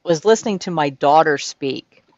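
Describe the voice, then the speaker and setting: A woman's voice: low-pitched, animated, moderate pace, darkish tone, dry recording. A woman who tells amused anecdotes about her daughter in a casual group chat. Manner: amused, laughing storyteller. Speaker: panelist, mother. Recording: dry, dull lo-fi audio.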